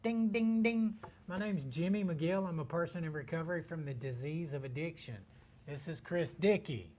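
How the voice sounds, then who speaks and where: Playful guy cohosting a live show, kinda high voice, goofing around. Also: normal speed, darkish tone. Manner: upbeat and playful, jokes and mimics. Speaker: co-host of a recovery talk show. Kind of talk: casual live-stream chat.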